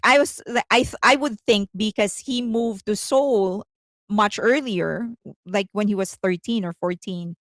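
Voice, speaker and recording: A woman's voice: fairly low pitch, dry recording. A woman hosting casual commentary, chatty, often giggling and correcting herself mid-sentence. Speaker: host.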